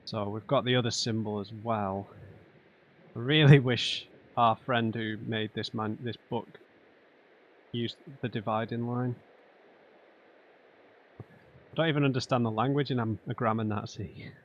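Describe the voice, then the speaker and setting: A man's voice: mid-range voice, steady tone, a little slow, long pauses, dull audio. A man doing let's play commentary, thinking aloud and muttering to himself while he works through a puzzle. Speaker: gamer.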